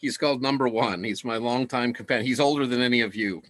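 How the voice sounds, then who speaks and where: A man's voice: mid-range voice, quick pace, fairly bright tone, no echo. A man teaching in a casual lecture, enthusiastic and laughing often as he talks.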